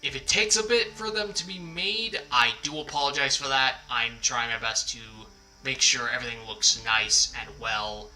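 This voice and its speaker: A man's voice: mid-range voice, low-quality recording. A man casually chatting on a livestream as its host, rambling and apologetic, often poking fun at himself. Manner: rambling, apologetic, self-deprecating. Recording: background music under the voice. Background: quiet background music.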